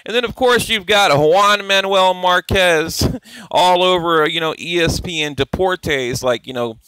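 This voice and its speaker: Male boxing channel host, somewhat high and forceful, profane, opinionated, dry close-mic sound. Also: a little slow, clean tone, no room sound. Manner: rambling, profane, opinionated, self-interrupting. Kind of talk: casual commentary over on-screen clips.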